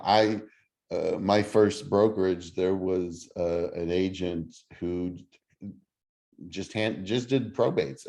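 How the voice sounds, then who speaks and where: This middle-aged man teaches real estate casually over a video call, his voice fairly low with a dark tone. He speaks slowly and haltingly, with many ums, fillers, and restarts.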